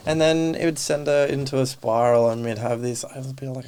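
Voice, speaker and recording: A man's voice: medium pitch, normal speed, creaky. A man, a podcast guest, chatting casually and animatedly, acting out bits of dialogue as he tells his stories. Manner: animated storyteller who acts out quoted dialogue. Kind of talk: casual interview chat.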